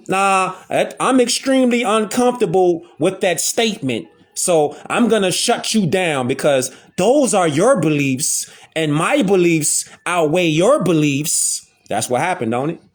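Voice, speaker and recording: Animated man lecturing over faint music. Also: a little high. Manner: emphatic, repeats phrases, addresses listeners as fam. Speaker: talk show host. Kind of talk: preaching lecture to viewers.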